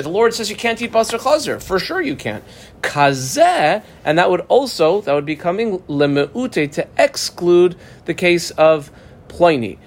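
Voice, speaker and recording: A man teaching a Talmud class in a lively, conversational way, moving between English and Aramaic terms. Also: fairly high pitch, a little hiss or hum.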